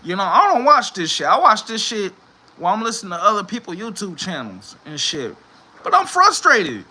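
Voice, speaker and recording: A man giving a profane, animated sports rant from home in a casual vlog, swearing and laughing often. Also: high voice, fairly quick. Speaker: vlogger. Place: home room.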